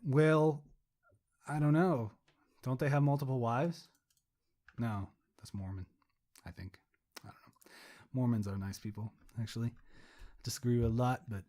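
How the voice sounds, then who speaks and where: A man's voice: medium pitch, darkish tone. A young adult man co-hosting a podcast, rambling casually, swearing and mocking himself. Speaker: podcast co-host.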